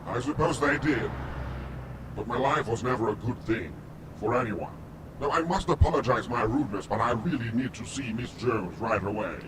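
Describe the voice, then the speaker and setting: An actor playing a masked male ex-convict who calls himself a doctor, speaking in a formal, affected way, recorded from a distance over a rumbling noise. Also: animated, moderate pace, lightly acted. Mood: composed. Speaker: film character. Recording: distant mic with noisy rumble.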